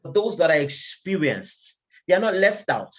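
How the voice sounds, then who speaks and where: A man's voice: fairly high pitch, sing-song, moderate pace. A man presenting a trading webinar in a casual, conversational way, often checking in with "okay" and pressing his points with rhetorical questions.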